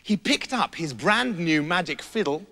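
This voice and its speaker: A man with an English accent narrating a comic children's story with playful, animated mock horror. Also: on the high side, measured pace. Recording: roomy reverb, faint music.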